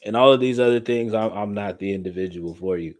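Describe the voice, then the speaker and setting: Blunt, slangy low-voiced man. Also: fast talker. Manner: blunt, slangy, repeats phrases and restarts. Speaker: podcast host. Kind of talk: casual chat.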